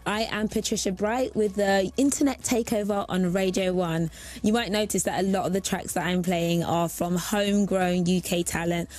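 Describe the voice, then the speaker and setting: A woman's voice: mid-range voice, fairly even intonation, normal speed, a little mellow. Upbeat young woman radio presenter. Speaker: guest radio host. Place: radio studio.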